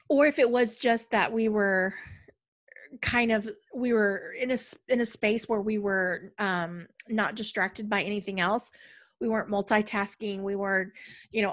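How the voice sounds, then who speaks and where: A woman's voice: medium pitch, a bit bright. A middle-aged woman talking in a casual, conversational way, with frequent fillers and a storytelling flow. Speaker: podcast speaker on money. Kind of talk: casual talk.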